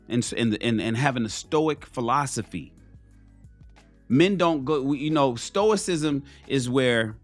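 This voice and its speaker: A man ranting bluntly and profanely on a casual live stream, preaching to his viewers. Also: medium pitch.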